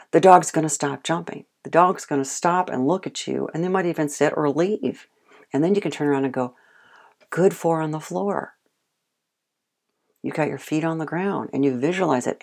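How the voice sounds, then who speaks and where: A woman giving a dog-training lesson, animated, acting out praise and the dog's thoughts. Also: deep voice. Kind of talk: instructional talk.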